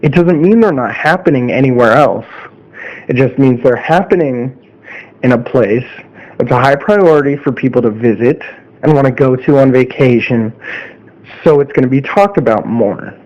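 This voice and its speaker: A man talks straight to his audience in a casual opinion monologue, earnest and mid-pitched, tagging his points with a questioning "okay?". The sound is slightly dull and lo-fi. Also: moderate pace, darkish tone. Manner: earnest, repeats "okay?" often. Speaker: vlogger.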